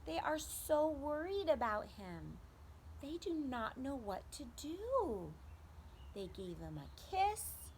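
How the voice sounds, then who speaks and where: A woman's voice: high-pitched, takes it slowly, slight background noise. A young adult woman, a preschool teacher, reading a story aloud to children and asking them questions. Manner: animated, asks children questions.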